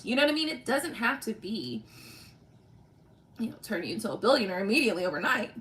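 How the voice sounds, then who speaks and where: A woman's voice: mid-range voice, a bit bright. A woman hosting a tarot livestream, talking casually and bluntly to viewers, laughing often, swearing freely and tagging sentences with "right?". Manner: repeats "right?" and "you know" constantly. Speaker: tarot reader and livestream host.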